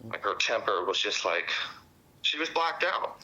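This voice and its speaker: Man, witness, rambling and profane, sharp tense voice, muffled phone-line sound. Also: on the low side, sing-song, normal speed. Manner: rambling with many fillers and cussing. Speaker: witness interviewed by police. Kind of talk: casual recounting.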